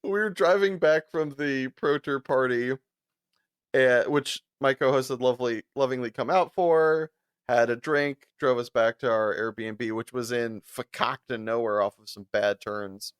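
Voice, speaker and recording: Smooth-voiced and measured, a podcast co-host shares stories in relaxed banter. There's no room sound in the clean studio recording, and he laughs frequently, acting out others' words in a higher register.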